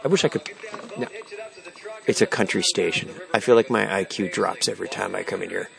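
A man's voice: low-pitched, a little fast, gravelly. A middle-aged man telling a story about a mix-up at home, exasperated, wry and self-deprecating, stressed and tired, recording on his phone while walking through an indoor storage warehouse. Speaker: vlogger. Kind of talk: casual storytelling vlog. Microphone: phone held while walking.

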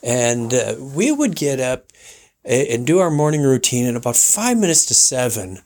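Lively rambling male podcast host. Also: mid-range voice, normal speed. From Michigan. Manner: chatty, rambling, laughs and restarts. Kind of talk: casual solo podcast monologue.

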